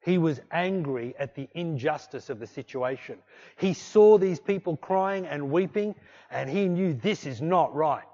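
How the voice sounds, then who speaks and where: A man preaching a sermon, exhorting with repeated refrains and swinging between loud bursts and hushed passages. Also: a little high, unhurried, highs cut off. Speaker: pastor.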